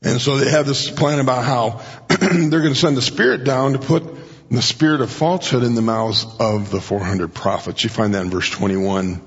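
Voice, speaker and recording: A man preaching a sermon in a conversational way, often clearing his throat and raising his pitch to act out quoted speakers. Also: normal speed. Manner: frequent throat clearing and restarts. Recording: dull recording in a reverberant hall.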